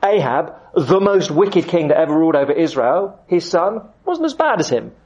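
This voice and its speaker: Man, sermon, lively asides, dull lo-fi recording. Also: fairly high pitch. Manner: lively, quick asides and acted-out voices. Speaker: preacher. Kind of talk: expository sermon with Bible reading. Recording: dull lo-fi sound.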